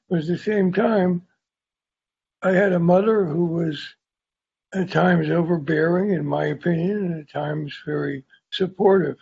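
A man's voice: high-pitched, vocal fry, darkish tone, husky, lo-fi sound. An older man with a sore tongue sharing his story at a recovery meeting in a candid, rambling, self-deprecating way. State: sore tongue, speaking carefully. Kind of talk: personal recovery share.

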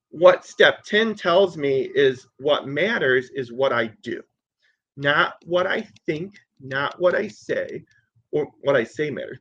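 A man's voice: on the high side, a bit bright, slightly rough. Man in his thirties, earnest and conversational, telling his recovery story with repeated emphasis; muffled lo-fi audio. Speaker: recovery meeting speaker. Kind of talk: personal recovery share.

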